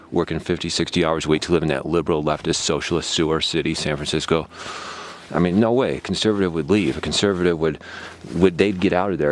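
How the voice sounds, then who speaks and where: A very low-voiced man rants into his mic with heated, sarcastic repetition. The long vlog monologue carries a faint hiss of background noise underneath it. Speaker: political vlogger. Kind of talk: ranting monologue.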